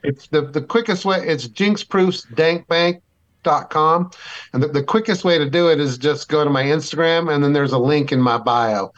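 A man's voice: fairly high pitch, moderate pace, dull audio. A man talking as a guest in casual chat, telling stories animatedly, swearing freely and laughing. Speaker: guest, seed breeder.

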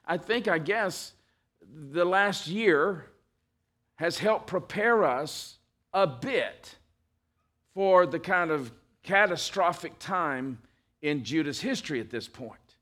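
A pastor preaches a sermon in a voice on the high side and a bit bright. Reading scripture aloud, he slows down to stress key words emphatically and often restarts.

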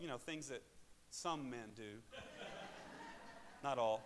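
A man with an Arkansas accent, a pastor telling a personal testimony in a sermon, moving between loud preaching and quiet asides. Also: mid-range voice, lively intonation, a little slow, noisy background. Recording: hall reverb.

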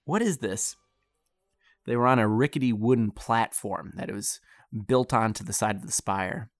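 A man narrating a fantasy story in a relaxed, conversational way. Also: lowish voice, moderate pace, no echo. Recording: faint background music.

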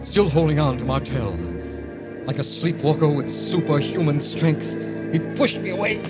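A man narrating and acting in an old radio drama, tense and fearful. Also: a little high. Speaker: narrator and lead character. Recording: dull old radio play recording with music.

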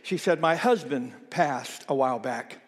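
A man preaching a sermon as pastor, telling stories and quoting people, sometimes dropping to a soft near-whisper. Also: medium pitch, a little slow, slightly rough. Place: church sanctuary. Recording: long reverb in a church hall.

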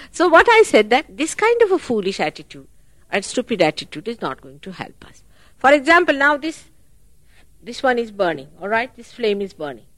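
A woman giving a spiritual talk at a public program, animated and full of rhetorical questions. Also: fairly high pitch, moderate pace, long pauses, no echo. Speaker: spiritual teacher.

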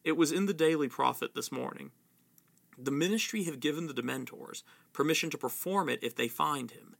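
A man reading the lines of a calm, grave adult male wizard teacher from a storybook, in a quiet, measured way. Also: on the high side, gravelly.

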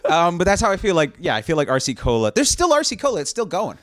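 A Canadian man in his forties, a comedian chatting casually, telling animated stories with frequent laughs, swearing and quick impressions of people. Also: high voice, no echo, studio quality. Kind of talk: casual chat.

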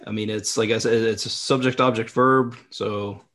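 A man's voice: on the low side, fairly even intonation, moderate pace, a bit bright. A man chatting casually as a guest, rambling and explaining with many restarts. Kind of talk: casual chat.

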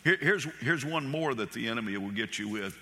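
A man's voice: medium pitch, animated, fairly quick, bright, forceful tone, long reverb tail. A male pastor preaching a sermon with passion, repeating phrases and telling folksy stories.

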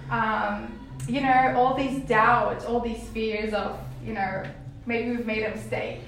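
A young woman tells a personal faith testimony in a meandering way, full of fillers and restarts. Her voice sits a little high. She sounds far from the mic in a very echoey room with faint background noise. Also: steady tone, takes it slowly, gravelly, fairly bright tone. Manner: rambling, many fillers and restarts. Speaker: testimony speaker.

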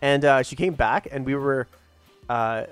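A man co-hosting a podcast, talking in an easygoing, halting way full of restarts and fillers. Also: mid-range voice, clean tone. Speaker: podcast co-host. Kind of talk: casual podcast chat. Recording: dry close mic with faint music.

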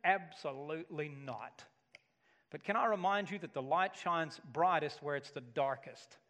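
A middle-aged male pastor preaching a sermon, animated and given to loud emphatic bursts. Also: on the high side, brisk, big-room sound.

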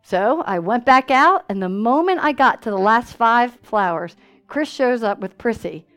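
A woman preaching a sermon in a church, telling stories with lively call-and-response asides. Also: on the high side, unhurried, soft background music.

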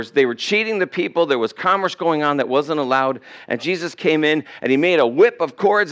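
A male pastor preaching a sermon, swinging between loud emphasis and hushed asides. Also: on the high side, clear, resonant tone.

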